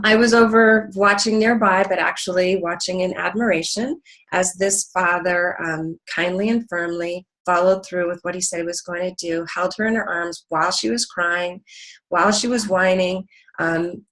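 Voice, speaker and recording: A middle-aged woman explains a parenting idea and tells a story to illustrate it. She speaks earnestly, with frequent ums and restarts, and her voice sits a little low. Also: fairly bright tone, low-quality recording. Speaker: parenting educator. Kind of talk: teaching talk with an anecdote.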